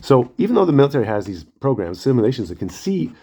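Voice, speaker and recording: A man in a casual rambling monologue, his voice a little husky and his words tumbling out quickly. He acts out the quoted lines and swears freely. He often apologizes and laughs at himself. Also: mid-range voice, very animated, mellow.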